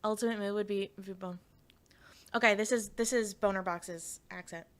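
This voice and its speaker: A woman's voice: mid-range voice, steady tone, moderate pace, fairly bright tone. A woman streamer in casual live chat, rambling and giggly with lots of fillers.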